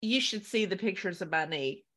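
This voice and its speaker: A woman's voice: medium pitch, normal speed. A woman guest on a podcast, animatedly telling a story and laughing as she goes. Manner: animated storyteller, laughs through her tale. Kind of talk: casual interview storytelling.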